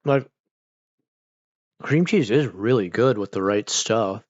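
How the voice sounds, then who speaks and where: A man's voice: fairly low pitch, expressive, slow pace, dry recording, lo-fi sound. A man chatting casually on a home livestream, rambling and swearing a lot, with many "like"s and restarts. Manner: rambling, profane, full of "like" and restarts. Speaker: streamer chatting with viewers. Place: at home on a couch with a pet nearby.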